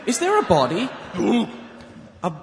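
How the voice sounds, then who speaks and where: A man's voice: sits high, wildly swooping pitch, a little slow, long reverb tail, crowd noise, heavily acted. An actor playing an earnest young watchman who stammers and guesses aloud. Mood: puzzled.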